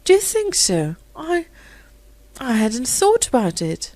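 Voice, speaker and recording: Eager, gushing society lady, read by a female narrator; high and lively, dry close sound. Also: unhurried, no echo. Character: rich, impulsive young society lady.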